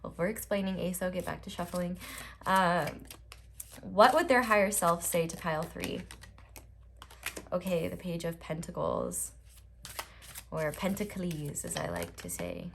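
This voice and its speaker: A young woman talks through a pick-a-card tarot reading in a loose, rambling way, full of filler words. Her voice sits a little low, with a faint hiss and some clicks behind it. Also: lively intonation, unhurried, creaky, long pauses. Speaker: tarot reader.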